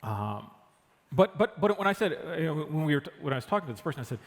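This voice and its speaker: A man being interviewed, telling stories in an animated way and acting out the people in them. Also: on the high side, a little fast. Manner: animated retelling, acts out what others said. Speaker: guest, engineering director. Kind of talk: conversational interview storytelling. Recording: long hall reverb.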